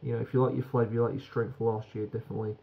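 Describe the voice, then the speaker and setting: A man's voice: mid-range voice, flat delivery, racing, gravelly, phone-quality sound. A British man giving a frank, rambling beer review that swears casually.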